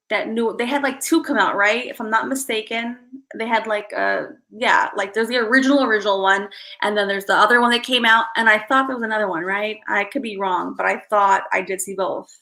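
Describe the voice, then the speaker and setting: A woman's voice: mid-range voice, fairly even intonation, brisk, bright, forceful tone, poor audio. A woman in her thirties chatting casually with her stream viewers, rambling and self-deprecating. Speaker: live streamer.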